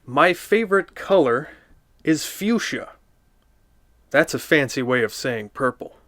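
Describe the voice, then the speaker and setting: A man's voice: fairly high pitch, lively intonation, a little slow, fairly bright tone, no room sound, studio quality. A man voicing a prissy little girl who loves being fancy, reading her lines in a prim sing-song.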